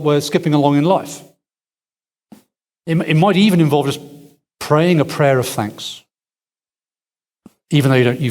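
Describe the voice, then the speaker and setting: A man's voice: on the high side, darkish tone. Man thinking aloud in an echoey hall. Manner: thinks aloud, with restarts and self-deprecating asides. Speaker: speaker answering questions. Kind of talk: conference Q&A answers. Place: large hall with audience.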